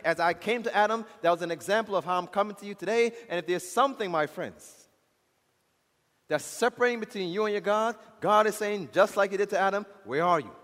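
A man preaching a sermon to a congregation, impassioned, swinging from loud declarations to hushed low passages and calling out to the saints. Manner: impassioned, rises loud then drops low and soft; calls out to the congregation. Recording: long hall reverb.

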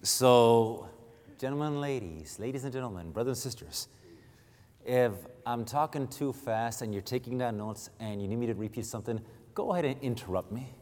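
In a church sanctuary with long hall reverb, a Cuban man preaches a sermon, stammering through restarts and joking at his own expense before reading scripture loudly and emphatically. His voice is medium-pitched and moderately paced.

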